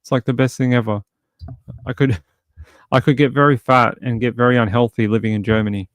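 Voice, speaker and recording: A man hosting a livestream, chatting casually and a little rambling. He reads viewer comments and tosses in playful jokes. His voice sits mid-pitch and sounds close and dry. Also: steady tone, a little fast, no echo. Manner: chatty and rambling, many fillers and restarts; jokey, playful asides. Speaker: livestream host.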